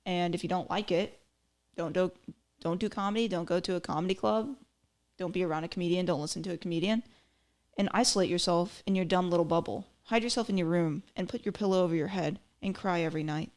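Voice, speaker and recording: A woman's voice: on the low side, fast, a little mellow. A woman hosting a podcast, giving chatty, opinionated commentary with lots of fillers. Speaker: podcast host. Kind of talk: casual commentary.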